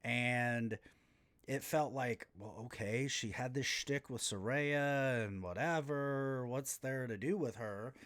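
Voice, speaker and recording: A man hosting a casual solo wrestling podcast, talking in an animated way, swearing freely and swinging suddenly in pitch and loudness. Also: takes it slowly. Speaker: podcast host.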